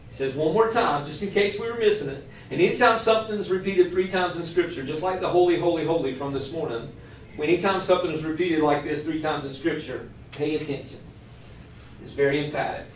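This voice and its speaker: A man preaches to a small gathering in a chatty, self-deprecating way, mixing scripture with asides. His voice sits a little high and sounds distant, caught in a roomy space with faint ambient noise. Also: a little fast. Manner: conversational, self-deprecating, joking with the group. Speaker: pastor teaching a church class. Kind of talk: informal sermon. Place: church room with a small group. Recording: echoey room, voice from far off.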